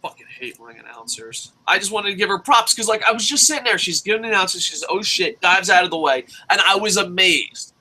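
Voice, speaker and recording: A young man hosting a wrestling review, ranting casually with lots of swearing and bursts of shouting. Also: sits high, expressive, fast talker, hardly any pauses, low-quality recording. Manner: profane, ranting, shouts at times.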